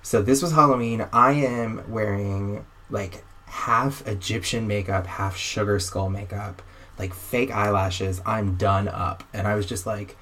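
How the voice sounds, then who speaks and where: A young man in a casual conversation, telling a personal story in a wry, animated way and acting out the voices of the people he talks about. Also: on the low side, a little slow. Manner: animated, wry storyteller who acts out quoted exchanges.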